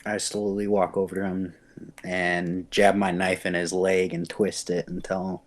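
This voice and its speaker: A man's voice: sits low, flat delivery, moderate pace. A man playing a tabletop game, stating his character's actions in a blunt, terse way. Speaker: player.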